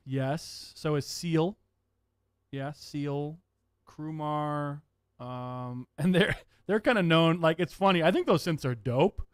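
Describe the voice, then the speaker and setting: Man, livestream host, casual chat, excitable, swears a lot, higher voice, dry sound. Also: clear, resonant tone, no room sound. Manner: excitable, profane, laughs often.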